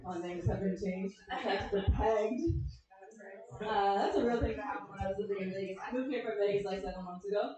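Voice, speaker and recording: A woman performing a deadpan, self-deprecating stand-up set on a comedy club stage, asking the crowd questions between jokes. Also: mid-range voice, brisk. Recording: echoey club room from far off, crowd laughter. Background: audience laughing.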